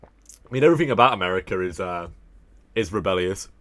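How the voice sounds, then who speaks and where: A man's voice: sits low, animated, fairly quick, fairly bright tone, no echo. A young man with an English accent chatting casually with viewers on his livestream, rambling, joking and swearing often. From England. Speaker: livestream host.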